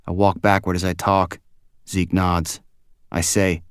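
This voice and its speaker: Male audiobook narrator, very low voice, quiet measured first-person read, dry close booth sound. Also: little pitch movement, clear, resonant tone, no echo.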